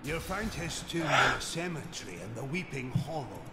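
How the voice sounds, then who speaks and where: An actor playing a gruff, distraught male village blacksmith in a fantasy game, speaking in pained, clipped lines. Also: mid-range voice, sing-song, normal speed, reverberant, heavy background noise, lightly acted. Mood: troubled. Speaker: game character.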